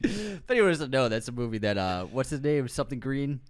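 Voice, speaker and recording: A man's voice: mid-range voice, sing-song, fairly quick. A man co-hosting a casual film-news podcast chat, joking and laughing often. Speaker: podcast co-host.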